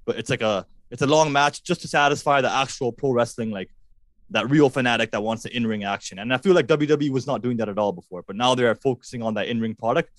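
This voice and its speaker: A man from Canada, a guest on a podcast, chatting casually and excitedly about wrestling, laughing often. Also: medium pitch, fast, no room sound. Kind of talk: casual chat.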